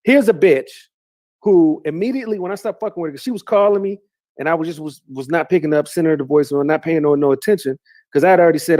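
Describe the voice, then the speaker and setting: A man's voice: fairly high pitch, fast talker, darkish tone. A middle-aged man ranting heatedly as a YouTuber, repeating insults and swearing constantly. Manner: heated, profane, repetitive insults. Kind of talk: angry rant.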